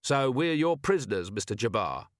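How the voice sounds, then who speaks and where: A man's voice: mid-range voice, sing-song, normal speed, no echo, studio quality, close to an everyday voice. A man voicing a weary, sardonic middle-aged male watch commander for an audiobook. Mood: wary. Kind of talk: audiobook character voice.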